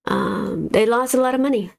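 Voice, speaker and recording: Gravelly-voiced woman ranting about stocks. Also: mid-range voice, normal speed. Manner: exasperated, ranting, blunt. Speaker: stock market livestream host. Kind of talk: casual livestream commentary.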